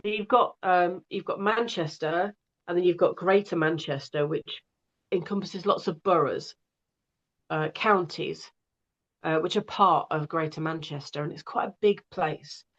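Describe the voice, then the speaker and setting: Speaking unhurriedly in a lowish voice, this northwest English woman is a guest audiobook narrator in casual conversation. She's chatty and digressive with many fillers, and the recording is muffled.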